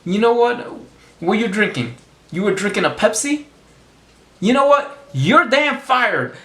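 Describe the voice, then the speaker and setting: Brief: man doing a high-pitched, angry boss firing an employee, barking and repetitive, echoey room. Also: lively intonation, normal speed, lightly acted. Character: angry male company boss firing a worker.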